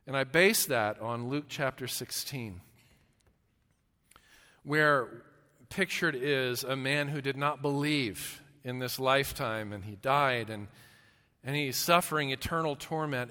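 A man preaching a sermon as a pastor, earnest, often restarting his words and swinging between loud emphasis and hushed, slow lines. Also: medium pitch. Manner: earnest, with repeated restarts and stammers. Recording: long hall reverb.

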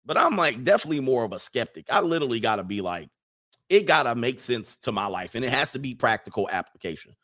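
A man in his forties hosting a casual commentary stream, joking and animated, often trailing off while searching for a word. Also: medium pitch, fast. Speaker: host reacting to clips and super chats.

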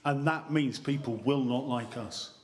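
A man preaching a sermon in church on a handheld mic, lively and joking, drawing the congregation in with questions. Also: medium pitch, measured pace, a little hiss or hum. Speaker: pastor. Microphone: handheld microphone.

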